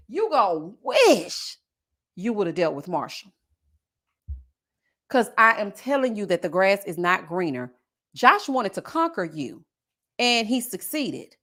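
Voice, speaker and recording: A woman hosting a live review of a reality show, sassy and expressive, talking straight to her viewers. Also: medium pitch.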